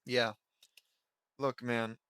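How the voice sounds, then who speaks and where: A man's voice: medium pitch, level tone, drawn-out words, a bit bright, clean tone, no echo. Sarcastic man reading fan fiction aloud. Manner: sarcastic, mocking asides. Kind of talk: comedic dramatic reading with commentary.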